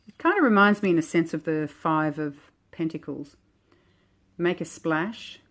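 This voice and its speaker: A woman with a slightly low voice talks through cards one by one in a gentle, reflective way. She muses aloud, chatty and unhurried, as if sharing with a friend. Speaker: oracle deck creator. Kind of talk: casual walk-through of oracle cards.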